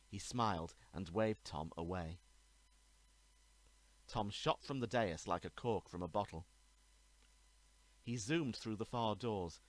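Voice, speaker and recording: A man, the author, reading his own murder mystery aloud in a measured, even narration. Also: sits low, dry recording, low-quality recording. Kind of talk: storybook reading.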